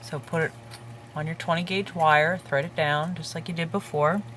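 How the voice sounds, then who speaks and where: A woman hosting a crafting tutorial, calmly talking through each step while she works with her hands. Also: sits low, a little hiss or hum. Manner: calm, unhurried, talks while working with her hands.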